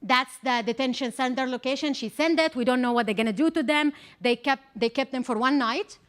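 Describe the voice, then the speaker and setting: High-voiced woman telling a personal story. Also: brisk, smooth. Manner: animated, acts out remembered dialogue; non-native phrasing. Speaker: forum speaker.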